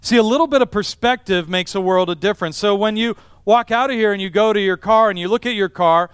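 A middle-aged man delivers a sermon as pastor, his voice pitched high and sounding smooth and resonant. He builds his points through emphatic repetition, and the sound is dry and close. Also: quick pace, dry recording. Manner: emphatic, repetitive preaching cadence.

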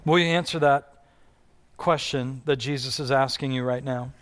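A man's voice: medium pitch, fairly even intonation, normal speed, a bit bright. A man preaching a sermon in an earnest style, with rising and falling delivery and repeated questions to the congregation. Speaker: pastor.

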